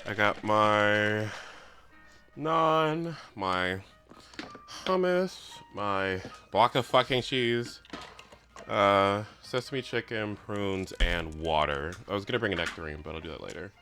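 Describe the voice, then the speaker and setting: Male live streamer at home, slow-talking and exasperated, sharp bright tone, swears and stammers mid-rant. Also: lowish voice, soft background music. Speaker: livestream host. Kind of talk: casual live-stream chat.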